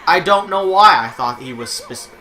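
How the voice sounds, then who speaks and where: A man commentating on a video game by himself with a bright, forceful voice. He rambles, swears freely and makes joking asides to his dog. Faint game music plays behind him. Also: on the high side, expressive, moderate pace. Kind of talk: casual gameplay commentary.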